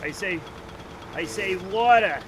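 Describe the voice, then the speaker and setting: A high-pitched man with a Rhode Island accent chats loosely with his viewers while playing a game. He talks in an animated way, swears freely and draws his vowels out. Car engine noise from the game plays clearly behind him. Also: normal speed. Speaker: streamer. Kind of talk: casual chat with viewers while gaming.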